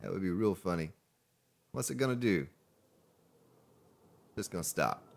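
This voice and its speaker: A man's voice: deep voice, lively intonation, measured pace, creaky. A man chatting to viewers while he streams a survival game, joking and commenting as he plays. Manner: chatty, jokey, talks to viewers. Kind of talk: live gameplay commentary.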